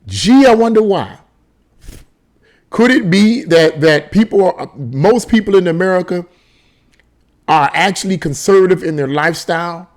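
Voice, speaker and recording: A man reads a news article aloud and keeps stopping to pick it apart in sarcastic asides. He stumbles and restarts often, repeating words as he hunts for the point. His voice sits a little higher than most men's. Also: normal speed. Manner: frequent restarts and stammered repeats. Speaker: political commentator reading an article. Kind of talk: casual commentary on a news article.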